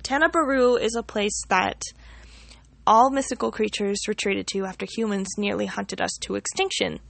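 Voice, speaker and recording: A woman's voice: medium pitch, moderate pace, creaky, dry recording. A woman voicing a curious, formal male griffin scholar, speaking politely in her own voice as she tells a story.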